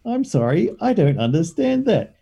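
A man's voice: sits high, very animated, moderate pace, creaky, mellow, voice pushed up, heavily acted. A man imitating a polite female voice assistant with stiff, mechanical phrasing. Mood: flat.

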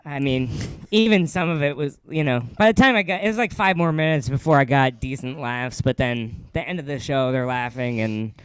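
Rambling comedian man, smooth dry voice. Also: mid-range voice, fairly bright tone, no room sound. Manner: rambling, filler-heavy, quick laughs. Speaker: stand-up comedian. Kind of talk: casual chat, storytelling.

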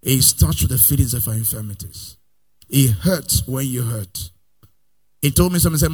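A man preaching a sermon in a sing-song cadence, swelling loud, then dropping soft and slow between Bible readings. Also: mid-range voice, animated, breathy edge. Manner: calls for Bible verses from assistants between readings.

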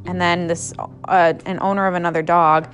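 A woman's voice: on the low side, level tone, normal speed, faint music behind. Chatty young woman telling a story. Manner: chatty, heavy use of "like", swears freely. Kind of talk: casual storytelling.

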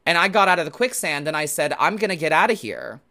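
A man with a somewhat high, very bright voice talks viewers through a tarot reading. He rambles in a loose, chatty way and lets the odd curse slip. His tone is casual and conversational. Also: big pitch swings, fast. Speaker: host and tarot reader.

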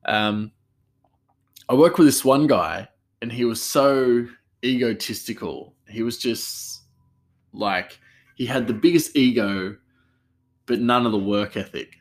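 A man's voice: mid-range voice, slow, long pauses. A man, hosting a podcast as a chef, chatting casually in a rambling way with many restarts. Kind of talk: casual solo podcast chat.

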